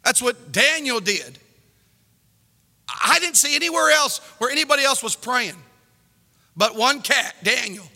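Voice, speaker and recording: A male pastor preaching a fervent sermon in a church, climbing into shouts and repeating words as he presses his points. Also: very high-pitched, measured pace, long pauses, big-room sound. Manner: repeats words when excited. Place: church sanctuary.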